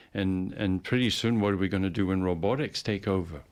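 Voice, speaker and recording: This man talks a little fast in a lowish voice, with few pauses. It's casual chat: he muses aloud, rambling and repeating words, and puts on playful voices now and then.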